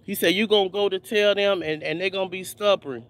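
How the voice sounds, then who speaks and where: Man, high-pitched voice, informal video sermon, fervent, repetitive, stammering restarts. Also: fairly even intonation, a little fast, fairly bright tone, a little hiss or hum. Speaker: preacher.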